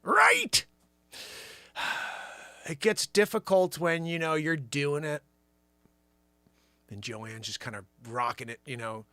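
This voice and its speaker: A man hosting his own show, riffing an improvised comedy monologue with sudden loud shouted bursts. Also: on the high side, very animated, takes it slowly, pauses often, dry recording. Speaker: show host.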